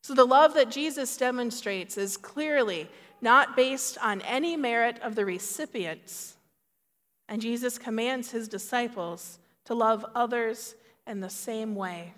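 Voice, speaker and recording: A woman preaching a sermon in a measured, earnest way. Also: fairly high pitch, fairly bright tone, long reverb tail.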